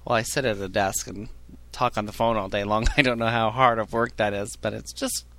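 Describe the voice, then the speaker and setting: On his casual podcast, a phone service worker rants profanely about the callers he deals with, imitating them in a high voice. He talks fairly quickly in a steady, fairly bright tone. There's no room sound at all.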